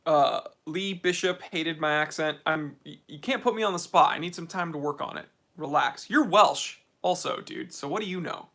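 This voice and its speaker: American dude chatting on a livestream, kinda high voice, bright and lively, reading comments from home. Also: male voice, moderate pace, creaky, few pauses. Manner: laid-back, reads viewer comments aloud. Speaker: host of a watch channel livestream Q&A. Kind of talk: casual livestream chat. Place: game room at home.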